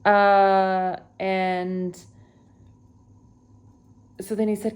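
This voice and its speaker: A woman's voice: medium pitch, little pitch movement, slow, pauses often, a little mellow. A young woman from Texas, a travel vlogger, retelling an unsettling trip in a casual, conversational way with many fillers and self-corrections. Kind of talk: unedited personal retelling. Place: at home.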